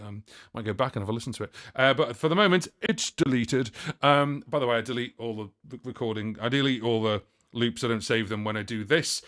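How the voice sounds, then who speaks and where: A man's voice: lowish voice, a bit bright. A man hosting a casual music livestream, chatting to viewers and answering their questions in a rambling way, with many fillers and self-corrections. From United Kingdom. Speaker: livestream host and looping musician.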